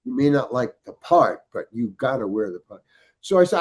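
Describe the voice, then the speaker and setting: An older man, a podcast guest, telling a long anecdote in a halting way, restarting his sentences and acting out the dialogue. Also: medium pitch, lively intonation, a little mellow, husky. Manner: halting, many restarts, acts out quoted dialogue. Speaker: guest storyteller.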